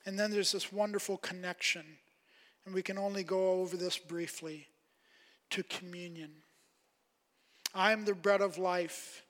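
A man preaching a sermon, emphatic, rising on quoted questions and dropping soft at phrase ends. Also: high voice. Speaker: pastor. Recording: long hall reverb.

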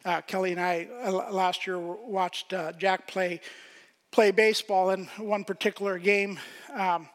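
High-voiced pastor in a reverberant hall. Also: male voice, fairly even intonation, measured pace. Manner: swings from loud emphasis to hushed whispers. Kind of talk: sermon.

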